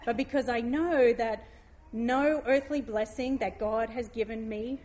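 A woman giving a heartfelt devotional talk, reading scripture aloud slowly and gently. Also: a little high, steady tone.

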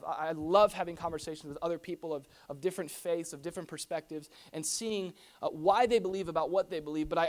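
Animated conversational pastor preaching. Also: mid-range voice. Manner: animated, asks rhetorical questions, casual fillers like "like" and "right". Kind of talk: conversational sermon. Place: church hall before a congregation.

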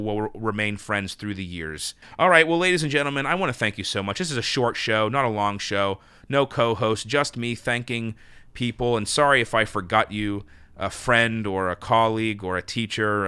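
30s guy podcasting solo from his apartment, nervous and rambly, lowish bright crisp voice, dry sound. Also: no echo. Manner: emotional, rambling with restarts. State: nervous and flustered. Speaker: podcast host. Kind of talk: solo thank-you monologue. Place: his New York apartment.

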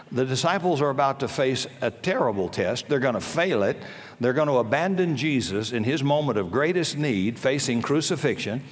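An older man preaching a sermon, telling stories and building to fervent emphasis. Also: medium pitch. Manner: storytelling, rising to fervent emphasis. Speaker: pastor. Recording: long hall reverb.

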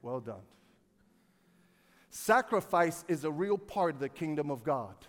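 A man preaching from the pulpit in a large church, his voice pitched high for a man. He drops to a hushed storytelling tone and then climbs to loud, ringing peaks, calling out for the crowd to answer. A long reverb trails behind every phrase. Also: expressive, measured pace. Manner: preaching with call-and-response to the congregation; builds from low, quiet storytelling to loud, shouted peaks. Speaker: pastor. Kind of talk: sermon. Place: church sanctuary.

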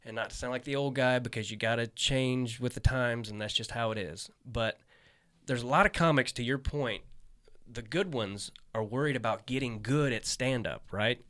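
A man's voice: medium pitch, moderate pace. A man who is a stand-up comedian, hosting a casual chat and telling stories with lots of swearing. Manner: animated storyteller, swears freely, acts out quotes. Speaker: podcast host, stand-up comedian.

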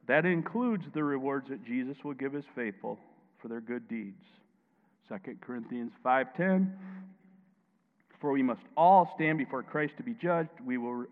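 A man preaching a sermon as pastor, emphatic, dropping quiet and then rising loud, and calling on listeners to answer back. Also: medium pitch. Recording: tinny phone-like sound, long hall echo.

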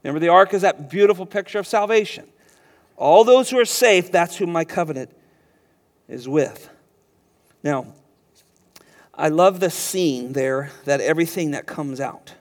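Man, pastor, expository sermon, emphatic, slows to stress words, church sanctuary, echoing hall. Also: a little high. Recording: long hall reverb.

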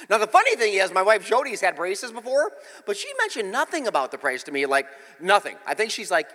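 Animated pastor in an echoing church hall. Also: male voice, high voice, fast. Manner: animated, exclaiming, self-mocking humor. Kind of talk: comedic storytelling sermon.

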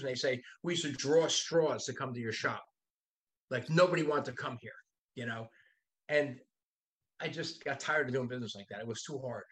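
A man's voice: medium pitch, a bit bright. A man in his sixties, a body shop owner, talking bluntly and with profanity as a podcast guest. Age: 60s. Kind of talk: casual podcast conversation.

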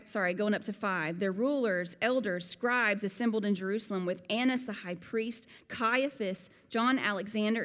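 A woman giving a Bible lesson, animated and fond of rhetorical questions. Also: medium pitch, in a large hall. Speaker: Bible teacher. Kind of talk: sermon-style Bible lesson.

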